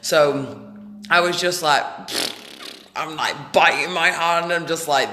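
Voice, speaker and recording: A woman ranting in a casual vlog, loud, blunt and indignant. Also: sits low, slow, pauses often. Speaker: vlogger, animal rights activist. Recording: echoey room with long reverb.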